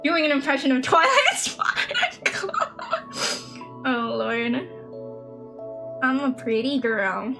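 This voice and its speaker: A young woman streaming a game, chatting casually and self-mockingly with her viewers and herself while soft lo-fi music plays behind her. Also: sits high, lively intonation, takes it slowly, pauses often. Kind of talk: casual live-stream chat while gaming. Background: soft lo-fi background music.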